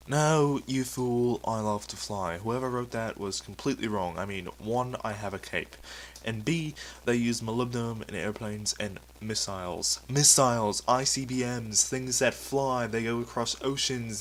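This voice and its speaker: A man's voice: fairly low pitch, lively intonation, moderate pace, a bit bright, slight background noise, poor audio. A man voicing a touchy, boastful metal superhero man with a British accent and a pompous, easily offended manner. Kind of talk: comedy sketch acting.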